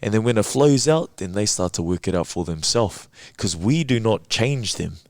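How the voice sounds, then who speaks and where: A man guest on a casual podcast, laid-back and reflective, laughing often and slowing down on key words. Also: on the low side, expressive, dry recording. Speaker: podcast guest, men's work facilitator.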